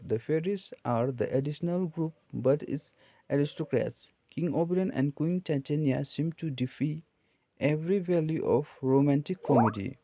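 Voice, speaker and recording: A man reading out literature study notes in a measured way, with frequent pauses. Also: fairly high pitch, mellow, poor audio. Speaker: lecturer explaining a set text.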